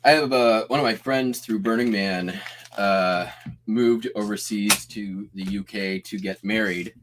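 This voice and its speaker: A man with a fairly low voice hosts a casual live stream. He rambles, restarts his sentences and laughs often as he chats along. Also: steady tone, unhurried, noisy background. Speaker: host.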